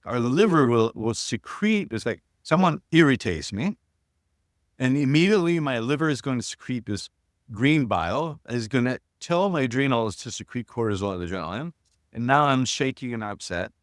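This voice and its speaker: A man's voice: medium pitch, animated, moderate pace, dry recording, clean studio sound. A man in his sixties telling personal stories as an interview guest, earnest and reflective, often restarting his sentences. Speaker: guest, shamanism teacher.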